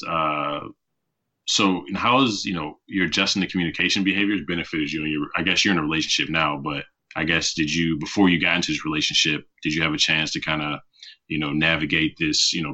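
A man's voice: a bass voice, sharp tone, muffled recording. A man hosting a podcast, asking long meandering interview questions with many fillers. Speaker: podcast host.

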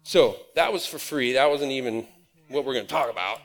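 A man from Nebraska preaching a conversational, animated sermon from a church stage. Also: mid-range voice, fairly quick. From Nebraska, USA. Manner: conversational and animated, acts out quoted voices. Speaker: pastor. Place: church auditorium. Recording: reverberant hall.

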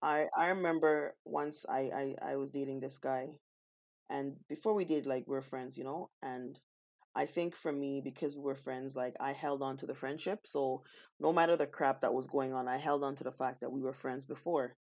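Animated woman telling a story. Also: extremely low pitch, normal speed. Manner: animated storyteller, acts out quotes. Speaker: co-host. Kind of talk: casual chat.

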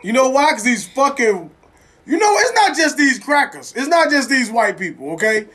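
A man's voice: very high-pitched, big pitch swings, normal speed, a bit bright. A man co-hosting a casual chat, telling stories animatedly with crude slang and frequent laughter.

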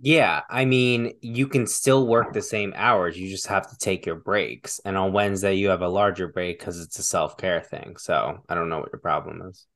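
A man's voice: low-pitched, fairly even intonation, normal speed, few pauses, a bit bright. A man co-hosting a podcast in casual chat, joking around and cutting in with quips. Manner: joking, interjecting, laughs often. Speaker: podcast co-host.

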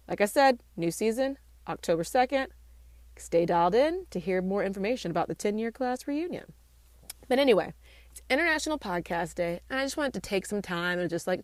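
A woman in her late twenties hosting a casual solo podcast, chatty and playful, joking at herself with quick asides, recorded in a small home studio room. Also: medium pitch, no room sound. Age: late 20s. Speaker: podcast host.

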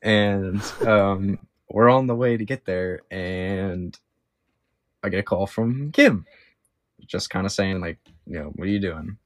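A young man co-hosting a podcast, telling animated stories in casual chat, swearing freely and acting out what people said. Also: deep voice, measured pace. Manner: animated storyteller, swears freely, acts out quotes. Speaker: podcast co-host.

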